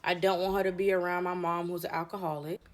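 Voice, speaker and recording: A woman's voice: fairly low pitch, little pitch movement, quick pace. A young woman telling a story-time account in a conversational retelling, acting out quoted dialogue. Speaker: storyteller in clip.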